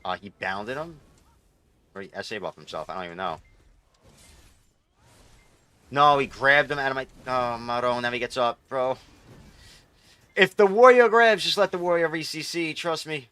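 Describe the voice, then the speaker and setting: A young man streaming live, commenting on his gameplay in an excitable, profane, rambling way. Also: mid-range voice, normal speed, clear, resonant tone.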